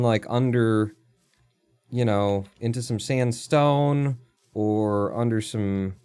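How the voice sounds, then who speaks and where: A man streaming a game live, thinking aloud, counting under his breath, chatting to animals and breaking into excited outbursts with casual swearing. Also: mid-range voice, clear, resonant tone. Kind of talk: live gameplay commentary.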